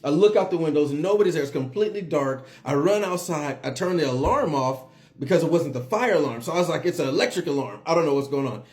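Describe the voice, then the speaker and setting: Animated, fairly high-voiced man telling a story. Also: fast talker. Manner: animated, breathless retelling with repeats and laughs. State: drowsy and dizzy. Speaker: vlogger. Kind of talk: casual storytelling to camera.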